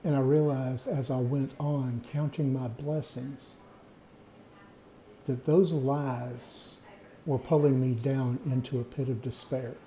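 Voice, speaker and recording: Earnest man with a very dark voice. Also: medium pitch, steady tone. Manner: earnest, reflective, plain-spoken with pauses. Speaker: vlogger sharing personal experience. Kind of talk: personal storytelling monologue. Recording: echoey room.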